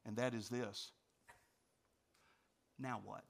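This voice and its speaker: A male pastor preaching a sermon, asking his congregation direct questions and swinging from loud storytelling to quiet reflection. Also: mid-range voice, takes it slowly, creaky, a little hiss or hum. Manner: animated storytelling, rising loud for anecdotes, dropping quiet for reflection.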